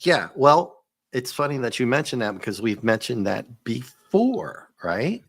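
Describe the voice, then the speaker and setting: A man's voice: mid-range voice, very animated, a little slow, fairly bright tone, dry recording. A man hosting a casual comic book review, chatty, laughing often and restarting his sentences.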